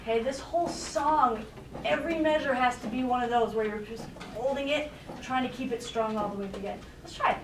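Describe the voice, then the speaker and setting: Female guest conductor, high voice, upbeat coach; roomy, distant, noisy rehearsal-room sound. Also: fairly quick. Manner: encouraging, explains with everyday comparisons. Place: school band rehearsal room.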